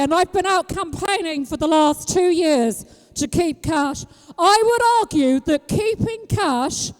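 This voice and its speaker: A woman from Britain giving an impassioned street rally speech, throwing rhetorical questions at the crowd and breaking into shouts. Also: high voice, long reverb tail. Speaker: street activist speaking at a rally. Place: outdoor public square at a rally.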